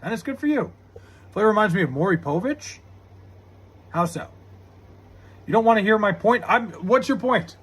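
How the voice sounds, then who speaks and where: Heated high-voiced young streamer man. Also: animated, moderate pace, pauses often, a bit bright, husky. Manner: heated, argumentative, swears a lot. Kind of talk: live-stream chat debate.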